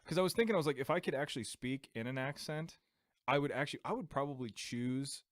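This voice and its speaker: A man's voice: medium pitch, quick pace, no room sound, studio quality. A young adult man co-hosting a podcast in casual chat, rambling and laughing as he tells a story. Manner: rambling, laughs often, tries out silly accents. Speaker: podcast co-host.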